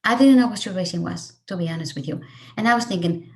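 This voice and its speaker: A woman's voice: on the low side, quick pace, creaky. A middle-aged woman raised in Mexico telling a personal story of loss to a student audience, earnest and emotional. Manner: earnest, emotional, voice rising and falling with feeling. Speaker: speaker sharing her story.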